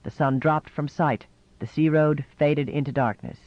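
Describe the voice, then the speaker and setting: A man reading a novel aloud in measured, scripted narration. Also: a little high, steady tone, no echo, highs cut off. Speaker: audiobook narrator.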